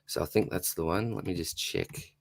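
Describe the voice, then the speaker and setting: A man hosting a channel giveaway draw, calling an online race in lively commentary while losing his voice. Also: deep voice, vocal fry. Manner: excitable race-caller, rising and fast at the finish.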